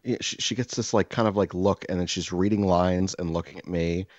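Low-voiced male storyteller, animated and profane, recorded dull and lo-fi. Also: fairly quick. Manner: animated, profane, acts out dialogue. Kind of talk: personal storytelling monologue. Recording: dull, dry lo-fi sound.

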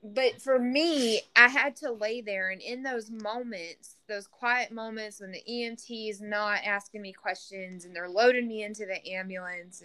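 A woman's voice: medium pitch, bright, forceful tone, smooth. A single mother talking earnestly in a podcast conversation, often restarting her sentences. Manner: earnest, frequent restarts and "you know".

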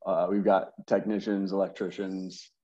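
A man's voice: deep voice, flat delivery, moderate pace, warm tone, muffled recording. A man being interviewed as a guest, speaking hesitantly with repeated words and many fillers. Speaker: interview guest, service manager. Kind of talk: casual interview.

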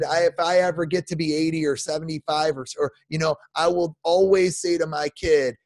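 A man's voice: fairly high pitch, steady tone, fairly quick, few pauses, darkish tone, dry recording. A man in his forties, a podcast guest delivering an emotional, heartfelt rant full of restarts. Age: 40s. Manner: emotional, repetitive restarts, says "man" often.

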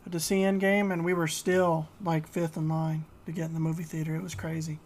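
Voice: medium pitch, level tone. A podcast co-host chiming in during a casual chat, laughing often. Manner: laughs often, quick interjections.

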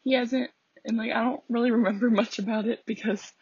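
A woman's voice: on the high side, steady tone, a little fast, darkish tone, slightly rough, no echo. A young woman hosting a casual podcast, rambling chattily with lots of fillers and laughing at herself. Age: young adult. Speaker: podcast host. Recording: dull lo-fi home recording.

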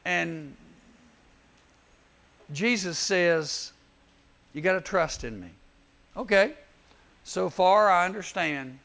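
A man preaching a youth sermon, telling Bible stories in an animated way and acting out the voices. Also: high voice, slow, gravelly, long pauses. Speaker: youth speaker.

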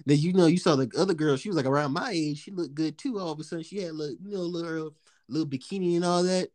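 A young man telling a rowdy, profane story with lots of laughter and acted-out quotes. His voice sits mid-pitch, recorded dry and close with no room sound. He talks loosely and casually, jumping into punchlines. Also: fast talker, darkish tone, no room sound. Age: young adult. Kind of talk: casual chat.

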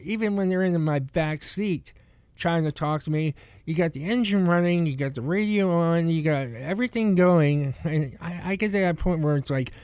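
Chatty man with a higher voice. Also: normal speed, a little mellow, smooth, dry recording. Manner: rambling, laughing, restarts and acted quotes. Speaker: rideshare driver telling stories. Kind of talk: casual podcast chat.

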